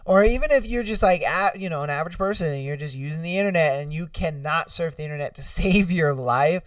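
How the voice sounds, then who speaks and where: A man's voice: fairly high pitch, a little fast, dry recording, studio quality, recorded from a distance. A man hosting a podcast, chatting casually and profanely, laughing often and acting out silly scenarios. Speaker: podcast host. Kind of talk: casual solo commentary reading listener ideas.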